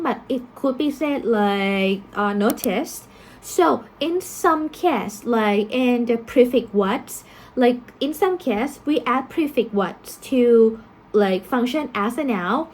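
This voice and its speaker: A woman's voice: on the high side, expressive, slow pace. A woman teaching pronunciation, explaining stress rules and saying each example word twice with fillers like "um" and "like". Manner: casual fillers like "like" and "um". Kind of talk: slow explanatory lesson.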